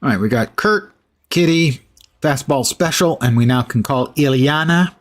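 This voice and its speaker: A man's voice: mid-range voice, moderate pace. A man streaming a video game and talking through it casually, musing aloud, correcting himself and dropping dry asides. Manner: musing, self-correcting, drily humorous. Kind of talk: casual gameplay commentary.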